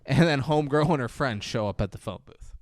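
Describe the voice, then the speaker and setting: A young man co-hosting a casual movie-review podcast, excitable and profane, recorded on a close mic. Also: medium pitch, a little fast, no echo. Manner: excitable, profane, swings into voices. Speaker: podcast co-host.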